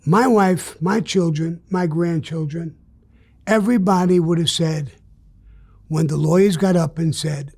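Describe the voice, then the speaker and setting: An older man speaks in a notably high voice, recounting his past in a candid interview. He is blunt and profane, and he hits his points with emphatic bursts. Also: unhurried, a little mellow, breathy edge.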